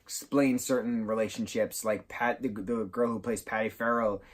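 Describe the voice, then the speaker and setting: A man reviewing a film in a casual vlog, retelling scenes excitedly with bursts of giggling and sudden jumps in pitch and volume. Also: moderate pace. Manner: giggles through his retelling.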